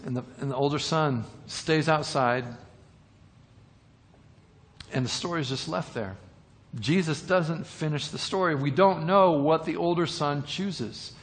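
A man's voice: a little high, a little slow, big-room sound. A man preaching a sermon, retelling a parable with repeated words and rhetorical questions.

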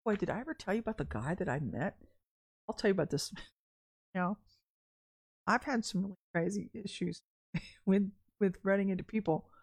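A woman's voice: medium pitch, creaky. A woman preacher, telling a personal story in a candid, chatty sermon and laughing often. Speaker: deliverance minister.

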